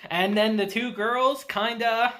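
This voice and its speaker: A woman casually recapping an anime episode, laughing often and acting out the characters. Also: a little high. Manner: laughs often while retelling; animated, acts out characters in quick asides. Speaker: anime reviewer.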